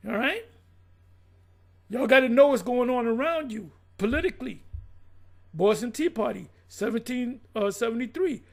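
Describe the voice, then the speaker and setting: A middle-aged man with a high, gravelly voice, preaching in a blunt and profane way. He reads lines aloud, then riffs on them and calls out his listeners. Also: lively intonation, normal speed. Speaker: religious teacher.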